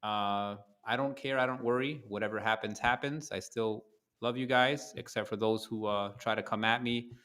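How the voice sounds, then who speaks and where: A man's voice: on the low side, fairly even intonation, normal speed, a bit bright. A man co-hosting a casual political livestream, talking in a brash, crude, joking way. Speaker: livestream co-host.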